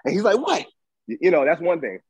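A man co-hosting a casual debate chat, telling animated stories and acting out what others said. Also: fairly high pitch, racing, husky, no echo, low-quality recording. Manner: animated storytelling, acts out quoted voices. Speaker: podcast co-host.

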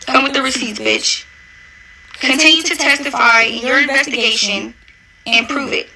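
Sharp-voiced young woman in a profane rant. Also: high-pitched, normal speed, slight background noise, rough recording. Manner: profane, confrontational and taunting. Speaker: reality show cast member. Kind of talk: angry social media rant.

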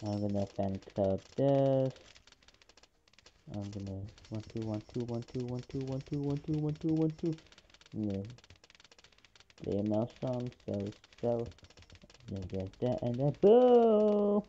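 Excitable woman with a very deep voice. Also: measured pace, long pauses, muffled recording, a little hiss or hum. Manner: excitable, chatty, swings between groans and gloating. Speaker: gaming channel host. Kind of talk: live gameplay commentary.

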